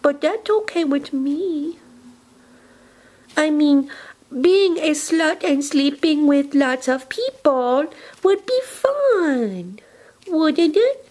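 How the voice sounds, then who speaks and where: A woman voicing a creepy, childlike monster imaginary friend who lives under the bed. She talks in a slow, dreamy way that drifts into whispers. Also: sits high, animated, a little mellow, full character voice. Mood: eerie dreamy. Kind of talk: comic character monologue.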